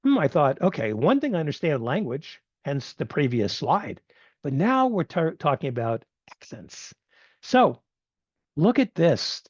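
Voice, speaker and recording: A man's voice: a little high, big pitch swings, a little slow, dry recording, highs cut off. A man giving a conversational online presentation with some fillers. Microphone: video call.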